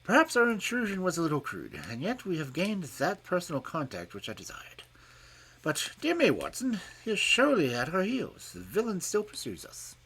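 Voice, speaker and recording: A man voicing a polite, measured detective who stays calm and amused, with a husky voice. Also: high voice, voice pushed up, full character voice. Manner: measured and courteous.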